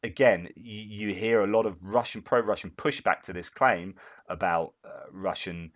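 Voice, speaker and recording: A low-pitched man reads through news reports and keeps stopping to argue with them. His delivery is full of ums and restarts, and he drifts into ranting commentary. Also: moderate pace. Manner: ranting asides with frequent fillers and restarts. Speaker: war update commentator.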